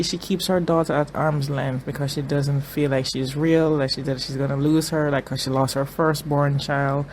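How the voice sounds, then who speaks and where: Give me an excitable TV reaction host who repeats words while reacting. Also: mid-range voice, a little hiss or hum. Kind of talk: casual reaction commentary.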